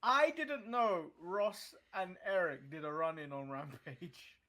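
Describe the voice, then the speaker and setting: A man's voice: sits high, takes it slowly, pushed and bright. A man hosting a casual wrestling podcast, teasing and laughing. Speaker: podcast host.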